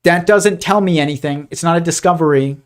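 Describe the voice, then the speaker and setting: A man's voice: on the high side, a little fast. A man hosting a live stream, talking in a rambling, argumentative way, with frequent restarts and fillers, dismissive of the ideas he discusses. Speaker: host.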